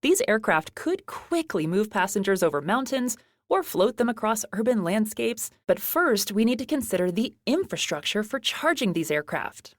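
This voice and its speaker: A woman's voice: medium pitch, big pitch swings, normal speed, no room sound, clean studio sound. A woman co-hosting a lab podcast in a friendly, semi-scripted chat that turns to playful banter. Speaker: podcast co-host.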